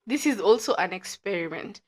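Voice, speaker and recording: A woman's voice: medium pitch, expressive, a little fast, breathy edge. A woman with a Kenyan accent hosting a podcast, chatting casually in a playful, chatty way. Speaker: podcast host.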